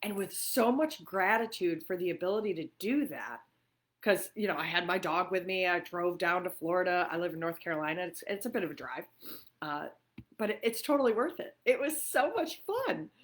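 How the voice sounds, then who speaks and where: A woman's voice: on the low side, lively intonation, moderate pace. A middle-aged woman from New York hosts a casual livestream chat from her living room, talking freely with frequent fillers and laughs. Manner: chatty, warm-hearted and laughing often, with many fillers. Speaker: livestream host.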